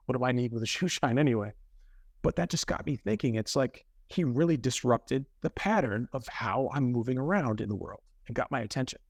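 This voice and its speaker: A man who is a podcast guest, telling a story in an animated, conversational way with quick self-corrections. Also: medium pitch, no room sound, clean studio sound.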